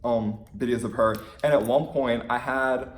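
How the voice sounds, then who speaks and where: A young man telling an excited fan story in a casual vlog, gushing and full of "like"s. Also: medium pitch, normal speed, roomy sound, slight background noise. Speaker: vlogger.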